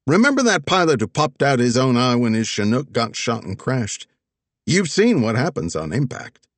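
A skeptical male investigator who pokes holes and argues back, as a narrator voices him for an audiobook. His delivery is animated, jumping up in pitch. The recording is dry. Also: moderate pace, dry recording. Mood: arguing.

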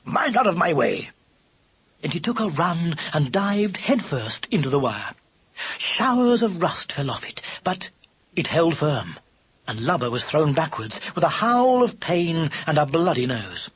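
A man narrating an animal adventure audiobook in an expressive storytelling manner. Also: fairly high pitch, measured pace, slightly rough.

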